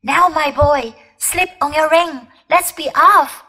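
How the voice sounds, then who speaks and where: A woman's voice: high voice, slow pace, bright, forceful tone, heavily acted. A woman reading a storybook, voicing a frightened, fussy old man who babbles and pleads. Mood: pleading.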